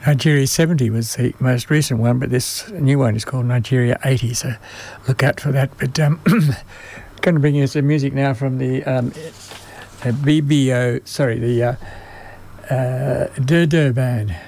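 A man hosts a music radio show in a mid-pitched voice, stopping often to search for words. His voice is fading and slightly strained, as if he is losing it. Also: fairly even intonation, vocal fry, darkish tone. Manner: halting, many ums and uhs. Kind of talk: unscripted radio presenting.

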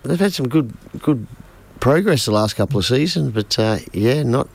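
A man's voice: medium pitch, expressive, normal speed, creaky. A man reading football scores on a radio show, casual and chuckling, with plenty of fillers. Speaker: sports segment co-host. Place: radio studio.

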